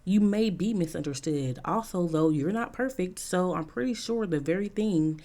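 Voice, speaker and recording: A woman's voice: fairly low pitch, expressive, moderate pace, mellow. A woman giving a casual opinion monologue as a vlogger, frank and chatty with many "um" fillers and repeated points for emphasis.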